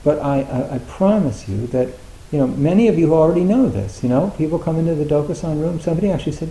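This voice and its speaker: A man's voice: fairly high pitch, lively intonation, fast talker, few pauses, warm tone, slight background noise. A man giving an informal Zen talk to retreat students, rambling with many fillers and restarts. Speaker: Zen teacher. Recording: echoey room.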